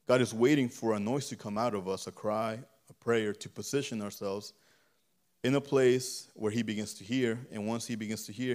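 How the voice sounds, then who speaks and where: A man's voice: fairly low pitch, darkish tone. Preacher man with a fading, strained voice. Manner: fervent, repetitive preaching cadence. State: voice giving out. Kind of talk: sermon and closing prayer. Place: church.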